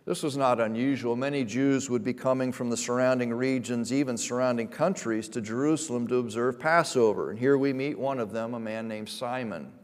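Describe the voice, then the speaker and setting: A man preaching a sermon as a pastor, emphatic, rising to loud, slowed stresses and dropping to quiet asides. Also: medium pitch. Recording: long reverb of a large hall.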